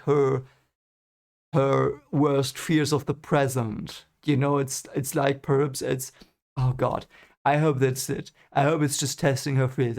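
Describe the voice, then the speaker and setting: Brief: man, gravelly voice, emotional first-time reading reaction. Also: mid-range voice. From Germany. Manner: emotional, reactive, swears and apologizes. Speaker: channel host reading a book aloud.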